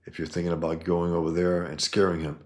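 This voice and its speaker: A man's voice: low-pitched, flat delivery, quick pace, darkish tone, lightly acted. A man voicing a retired male masked hero who speaks mildly and hesitantly. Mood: uneasy.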